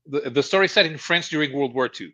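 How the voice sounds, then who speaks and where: A man explaining a show in casual chat as podcast co-host, halting and restarting, chuckling as he goes. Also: a little high, expressive, bright, forceful tone. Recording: dull lo-fi stream audio.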